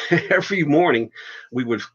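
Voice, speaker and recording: A man, a podcast guest and fire chief, telling stories in a casual, animated way and swearing freely. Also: fairly high pitch, unhurried, husky. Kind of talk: casual storytelling. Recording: dull lo-fi podcast audio.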